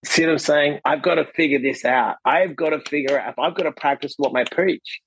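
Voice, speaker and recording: A man guest on a podcast telling a personal story in casual conversation, animated and acting out what people said, often tagging his lines with a question. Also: fairly high pitch, fairly quick, a little hiss or hum, poor audio. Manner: animated, acts out quotes, frequent "right?" tags. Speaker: podcast guest, author and coach.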